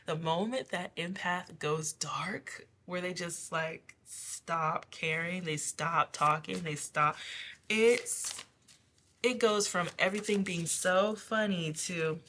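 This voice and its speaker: Bright, chatty woman tarot reader. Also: deep voice, slight background noise. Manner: chatty, rambling, laughs often, many fillers. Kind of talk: casual pick-a-card reading.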